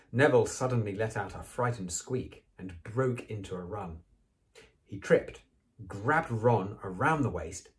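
A man reading a children's novel aloud, with expressive, animated storytelling. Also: on the low side. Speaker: reader.

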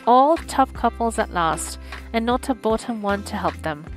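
A woman reading a classic novel aloud on a stream, with lively, expressive storytelling. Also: fairly high pitch, normal speed, soft background music, rough recording. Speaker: audiobook streamer.

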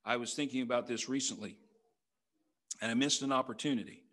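A man's voice: mid-range voice, fairly even intonation, fairly quick, a bit bright. A middle-aged man, a pastor, preaching a conversational sermon in a church, full of rhetorical questions. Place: church sanctuary.

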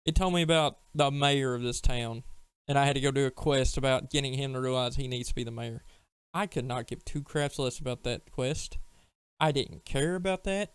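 Male podcast co-host, smooth clean voice, blunt offhand delivery, dry close sound. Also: mid-range voice, no echo. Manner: blunt, offhand gamer talk. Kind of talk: casual chat.

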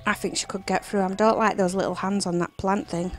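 A woman's voice: medium pitch, flat delivery, a little fast, faint music behind, poor audio. A woman giving chatty, silly let's play commentary, singing and whispering to herself as she plays. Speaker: gameplay commentator.

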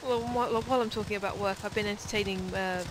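A young woman hosting a game playthrough, chatty and excitable with quick asides. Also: mid-range voice. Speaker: let's play host. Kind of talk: casual gameplay commentary. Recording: noisy home commentary track.

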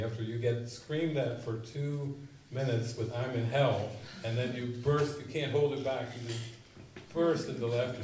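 A man giving a spiritual retreat talk, telling stories and acting out quotes with sudden loud bursts. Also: medium pitch, fairly even intonation, unhurried. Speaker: spiritual teacher. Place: retreat meeting room. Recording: roomy, mic at a distance, faint noise.

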